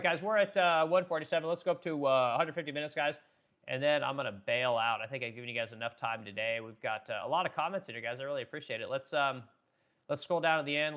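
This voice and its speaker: Fast-talking blunt man on a livestream. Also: mid-range voice, highs cut off. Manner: blunt, profane, rambling with many restarts. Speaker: livestream host reading chat comments. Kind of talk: casual opinionated livestream talk.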